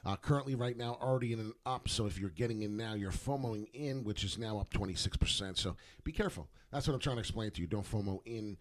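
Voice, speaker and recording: A man's voice: lowish voice, fast, hardly any pauses. A man giving casual, rambling commentary on crypto price charts, full of fillers and words repeated for emphasis. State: hiccuping.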